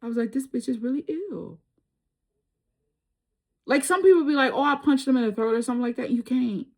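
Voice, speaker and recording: A woman's voice: high voice, rapid-fire, a little mellow. A woman doing a tarot reading, telling a personal story in casual, slangy speech and laughing often. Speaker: tarot reader.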